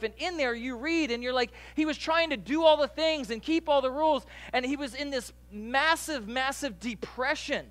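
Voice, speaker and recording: Pastor guy preaching, really high voice, chatty and loose, cracks little jokes. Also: fairly bright tone. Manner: casual, conversational preaching with asides. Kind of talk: sermon.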